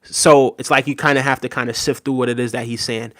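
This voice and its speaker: This man talks fast with a flat delivery, his medium-pitched voice a bit bright, as he reads viewers' chat aloud on a live stream and earnestly responds. He keeps saying "right?" and thanks chatters by name in casual commentary. The recording is dry and clean studio sound.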